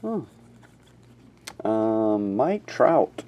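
A man's voice: lively intonation, measured pace, slight background noise. A sleepy man with a runny nose, casually reading out card names during a box break. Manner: reads out names in a low murmur, chatty asides.

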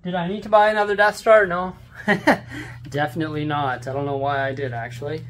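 A man's voice: fairly high pitch, level tone, moderate pace, a bit bright, faint music behind. A man vlogging at home, talking casually and rambling with lots of fillers as he sorts and shows his things. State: out of breath. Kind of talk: casual vlog chat. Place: house, rooms and stairs.

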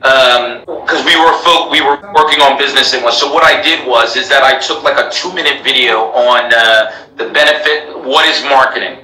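A man's voice: mid-range voice, moderate pace, hardly any pauses, sharp tone, roomy sound, distant mic, low-quality recording. An American man who teaches English, speaking emphatically in a live interview, repeating himself and addressing his followers. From United States. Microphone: laptop call.

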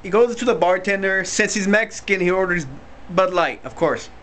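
High-voiced young man rambling through a joke. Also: moderate pace, a bit bright. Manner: rambling, self-amused, with asides. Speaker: amateur joke teller. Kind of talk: casual joke telling.

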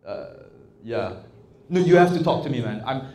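Animated male workshop trainer, echoey room. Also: mid-range voice, normal speed. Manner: animated, coaxing, asks the audience often. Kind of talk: interactive workshop talk. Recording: echoey room with faint ambience.

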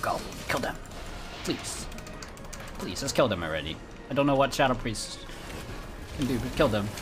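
A man's voice: medium pitch, very animated, normal speed, music in the background. A man streaming gameplay, reacting in a frantic, pleading, exasperated way.

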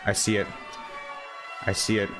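A young man commentating a video game as he plays it, excitable and quick to yell when he fails. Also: fairly low pitch, music in the background. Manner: excitable, yells and whines when failing. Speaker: gaming channel host. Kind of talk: live gameplay commentary.

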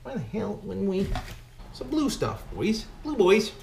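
A man's voice: high-pitched, huge pitch swings, measured pace, vocal fry, a little mellow. Folksy man in an echoey garage. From Canada. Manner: folksy and jokey, keeps calling the viewers "boys"; talks to himself while working. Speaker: vlogger rebuilding an engine. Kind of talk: casual workshop commentary. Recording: echoey room with background noise.

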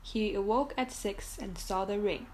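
A woman reading a children's book aloud in a gentle, steady storytelling manner with the odd small slip. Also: mid-range voice, measured pace, a little hiss or hum, poor audio.

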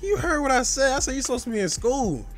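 Young man, Southern accent, high voice, very animated, joking trash talk, music behind. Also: fast talker. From southern United States. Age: young adult. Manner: loud, joking trash talk, shouting at plays. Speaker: gaming YouTuber. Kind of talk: casual gaming commentary.

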